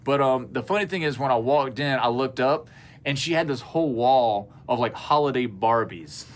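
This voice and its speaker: Guy just telling a story on a podcast, rambly and earnest, gets lively doing voices. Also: mid-range voice, normal speed. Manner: rambling, earnest, animated when quoting people. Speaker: podcast co-host. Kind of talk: casual storytelling chat. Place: indoor studio space at a co-op.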